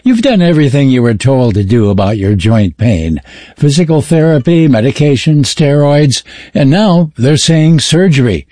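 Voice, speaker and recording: A man reading radio station announcements and a medical ad in a smooth, persuasive delivery. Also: mid-range voice, warm tone, no room sound, clean studio sound.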